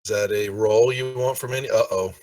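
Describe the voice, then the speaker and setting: Low-voiced dude asking hesitant game questions, mic kinda far off. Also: male voice, steady tone, fairly quick, darkish tone, no room sound. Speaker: player. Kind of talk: casual game chat over voice call.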